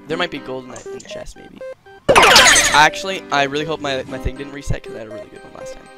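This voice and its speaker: A man's voice: mid-range voice, fast talker, over loud music. A man hosting a casual gaming session from home, exclaiming often and grumbling about lag. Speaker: host and gamer.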